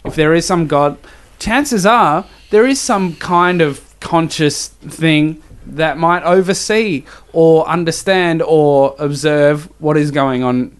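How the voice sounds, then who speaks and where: A man, a podcast guest, joking and animated in casual chat. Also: on the high side, slow, few pauses, smooth.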